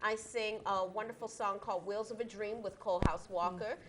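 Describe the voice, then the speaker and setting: A woman's voice: mid-range voice, fairly even intonation, brisk. A woman guest on a talk show, chatting enthusiastically about the songs she performs and laughing easily. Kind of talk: casual interview chat.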